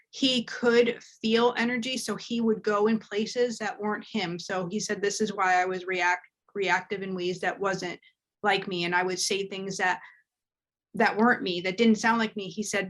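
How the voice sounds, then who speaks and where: A woman's voice: medium pitch, fairly bright tone. Earnest woman giving a medium reading. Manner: emotional, earnest, relays messages from the dead. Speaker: medium and host. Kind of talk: live spiritual reading chat.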